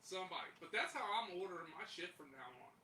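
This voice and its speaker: Man, bright voice, casual podcast chatter, echoey room, set back from the mic. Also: sits high, animated, fast talker. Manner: laid-back, swears casually, reads submissions aloud. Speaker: podcast co-host. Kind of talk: casual comedic chat, reading listener posts. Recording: echoey room, mic a bit distant, faint hiss.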